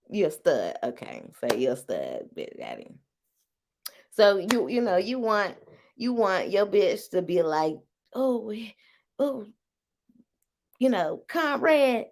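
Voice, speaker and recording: A woman's voice: on the low side, very animated, slow pace, long pauses, a little mellow. A woman hosting a casual live-stream chat, frank and teasing, who laughs often between phrases. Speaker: host.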